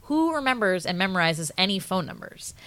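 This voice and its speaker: A woman's voice: medium pitch, sing-song, brisk, a bit bright, dry recording. A young woman co-hosting a podcast, telling a long story in casual chat, full of filler likes and ums. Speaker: podcast co-host.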